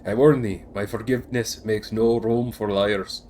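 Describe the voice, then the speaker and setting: A man's voice: fairly low pitch, fairly even intonation, moderate pace, a little mellow, a little hiss or hum, voice pushed down, natural voice. Woodcutter interrogator in a game, stern and archaic-spoken, read by a man. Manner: mock-archaic old English diction.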